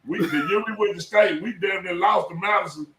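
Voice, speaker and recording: A middle-aged man from South Dallas, a former high school football coach telling stories in an animated, emphatic, profane way on a casual podcast. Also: a little fast, background noise. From South Dallas, Texas. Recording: echoey room, voice a bit far from mic.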